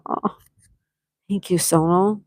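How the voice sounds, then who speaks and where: A woman hosts a relaxed morning livestream, reading out chat messages and gushing thanks to viewers one after another. Her voice sits fairly low, and the sound is close and dry with little room echo. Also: slow. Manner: effusive, thanks viewers by name, reads chat aloud. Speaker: livestream host. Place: at home with a view, morning tea.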